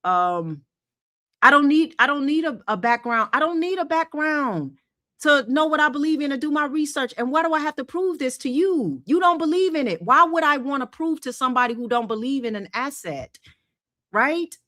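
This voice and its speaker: A woman with a bright, forward voice hosts a live investing stream and talks straight to her viewers. She speaks with emphasis and keeps firing off rhetorical questions. She often repeats her phrases as she goes. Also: high-pitched, lively intonation, moderate pace. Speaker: host of a crypto investing livestream. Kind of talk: live stream talk reading chat comments.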